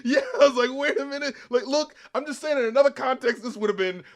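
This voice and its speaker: A man co-hosting a casual movie review chat, talking excitedly and profanely and acting out quotes from the film. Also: very high voice, fast talker, crowd noise. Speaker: co-host of a film review show. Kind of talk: casual spoilery movie discussion.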